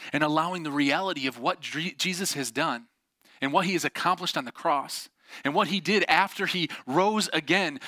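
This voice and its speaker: A man's voice: on the high side, no echo, clean studio sound. A young adult man preaching a sermon as a pastor, telling a personal story and acting out the voices in it. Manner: animated storytelling with acted-out quotes.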